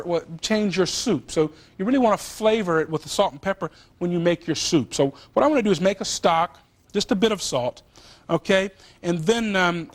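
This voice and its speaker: A man hosting a TV cooking show, chatting and joking with the crew as he demonstrates recipes in a studio kitchen. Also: sits high. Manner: chatty, animated, jokes with crew.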